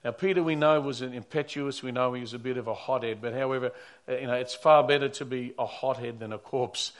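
A man's voice: medium pitch, steady tone, fast. Man, pastor, sermon, earnest storytelling, mid-range voice, repeats and restarts words.

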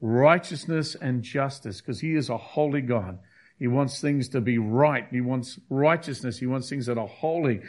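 A man's voice: mid-range voice, moderate pace. A man preaching a sermon, emphatic and repetitive, hammering key phrases. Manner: emphatic, repeats key phrases, acts out quotes.

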